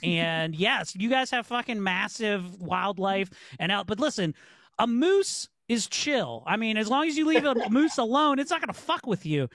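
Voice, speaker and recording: A man's voice: high-pitched, animated, a bit bright, dry recording. Brief: wisecracking male guest, profane, dry recording. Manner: joking, swears, acts out quick impressions. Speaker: podcast guest. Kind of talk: casual podcast chat.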